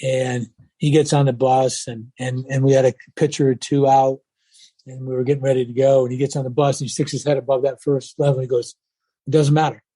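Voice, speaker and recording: Mellow-voiced older coach telling stories. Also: male voice, medium pitch, a little fast, no room sound. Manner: animated storyteller who acts out quoted voices. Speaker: guest, retired college baseball coach. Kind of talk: storytelling interview talk.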